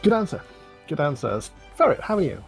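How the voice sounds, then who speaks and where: Man, game commentator, slightly high voice, casual banter, faint music behind. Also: very animated, fairly quick, vocal fry. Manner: joking, self-deprecating banter, swears.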